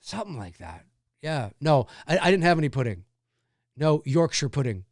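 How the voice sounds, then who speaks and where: A man's voice: a little high, very animated, moderate pace, no room sound, clean studio sound. A man hosting a casual livestream, rambling about a horror film and reading viewer comments aloud. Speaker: livestream host.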